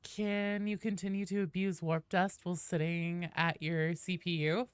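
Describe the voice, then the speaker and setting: A woman streaming a game, chatting casually with viewers, greeting them loudly and swearing freely. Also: mid-range voice, animated, normal speed, hardly any pauses, clean tone, no room sound, clean studio sound.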